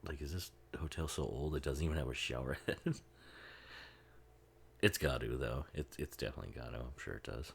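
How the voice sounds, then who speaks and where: Super low voiced guy chatting thru a movie, rambly, laughs a lot, swears. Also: a little fast, vocal fry, slightly rough. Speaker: movie commentary host. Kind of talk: casual film commentary.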